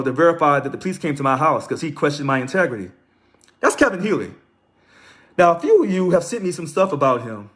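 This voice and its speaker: Man chatting live with lively pitch. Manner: conversational, reads aloud and comments, greets viewers, chuckles. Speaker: livestream host. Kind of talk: casual live stream talk.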